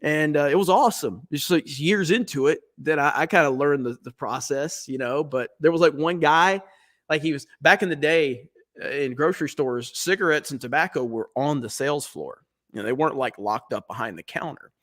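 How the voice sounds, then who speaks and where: A man's voice: a little high, moderate pace, a bit bright. A man in his forties, a podcast co-host, telling rambling, profane stories in casual chat. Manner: profane, rambling storyteller with laughs.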